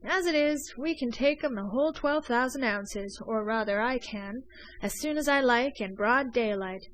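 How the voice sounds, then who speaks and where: A woman reading an audiobook voices an excitable young male gentleman smuggler, talking urgently. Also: on the high side, normal speed, dry recording, close to an everyday voice, poor audio. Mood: excited. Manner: urgent, pleading.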